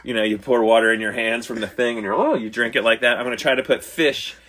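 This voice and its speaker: A man's voice: mid-range voice, fairly even intonation, quick pace, a bit bright. A middle-aged man telling stories in casual banter, swearing constantly and acting out his own reactions.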